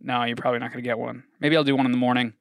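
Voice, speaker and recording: A man hosting a casual solo sports podcast, excitable and profane, swinging from shouted hype to low muttering. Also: rapid-fire, gravelly, no echo, clean studio sound. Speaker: podcast host.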